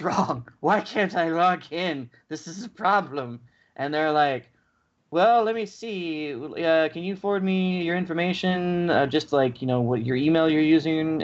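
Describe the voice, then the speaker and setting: A man co-hosting a podcast, ranting in a casual chat and acting out both sides of the story. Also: a little high. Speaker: podcast co-host. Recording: dull lo-fi podcast audio.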